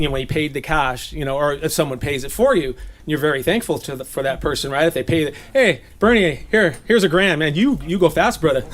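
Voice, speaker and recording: A man from Southern California giving a relaxed, chatty sermon, laughing often and slipping into playful voices. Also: a little high. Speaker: preacher. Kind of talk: casual sermon teaching. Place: gathering.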